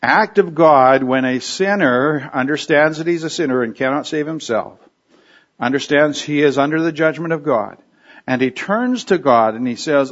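A man's voice: on the high side, moderate pace, a bit bright. A man giving a conversational expository sermon, thinking aloud with restarts and fillers as he explains a verse. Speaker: preacher. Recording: dull lo-fi recording.

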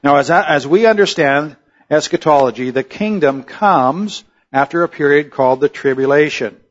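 Man preaching slowly in lo-fi sound. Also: a little high, expressive. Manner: measured teaching tone, stretching key words slowly. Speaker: pastor. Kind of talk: sermon.

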